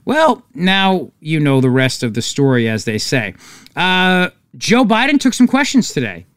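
A man's voice: on the high side, big pitch swings, a little slow, fairly bright tone, clear, resonant tone, dry recording, clean studio sound. A man hosting a political talk show, sarcastic and mocking in his commentary. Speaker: talk radio host.

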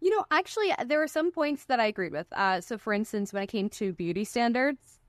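A young woman guest with a fairly high voice, speaking with emphatic, indignant force as she argues her point. The sound is close-miked and dry. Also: animated, brisk, no echo. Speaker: guest media reporter. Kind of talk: opinionated casual chat.

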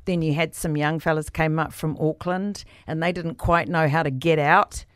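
A middle-aged woman with a New Zealand accent, an actor guest telling a story in a lively casual interview. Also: low-pitched, normal speed, dry recording, studio quality. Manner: animated, laughing storyteller.

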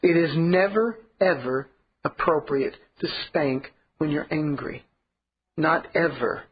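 A man's voice: fairly high pitch, takes it slowly, slightly rough, muffled recording. A man preaching a sermon as pastor, earnest and emphatic, repeating key points.

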